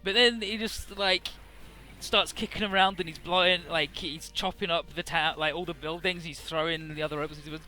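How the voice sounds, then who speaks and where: A man talking over a game in a loose, rambling, profane style, with a bright voice that sits a little high. Faint game music plays behind him. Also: fairly even intonation, a little fast. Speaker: let's play host. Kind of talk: casual game commentary.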